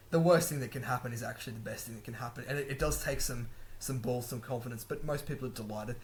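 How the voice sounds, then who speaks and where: A young man talks quickly and loosely to his camera, giving language-learning tips in an easy, chatty way. He laughs now and then and corrects himself mid-sentence. A faint hum of room noise sits underneath. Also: medium pitch. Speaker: language-learning video host. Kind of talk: casual talk to camera.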